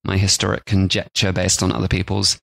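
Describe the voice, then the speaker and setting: A man's voice: low-pitched, little pitch movement, fairly quick, vocal fry, a bit bright, no echo. A man co-hosting a food podcast, rambling and joking, with lots of "like" in casual chat. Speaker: podcast co-host.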